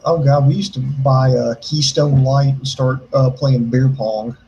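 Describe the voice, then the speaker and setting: An American man co-hosting a casual show, telling a story in an animated way, swearing a lot and acting out the quotes. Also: mid-range voice, unhurried, dull audio, a little hiss or hum. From United States. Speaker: podcast co-host.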